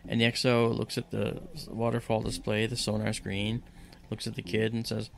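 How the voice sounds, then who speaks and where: Gravelly-voiced man telling a story. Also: fairly low pitch, moderate pace. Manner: lively storyteller who acts out dialogue. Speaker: podcast guest. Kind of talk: casual spoken anecdote.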